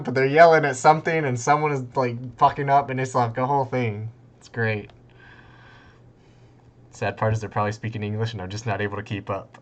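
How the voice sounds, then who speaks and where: A young man casting a strategy game tournament in a loose, rambling way, breaking into excited outbursts and laughter. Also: mid-range voice, a little fast. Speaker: tournament caster. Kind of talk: casual game commentary.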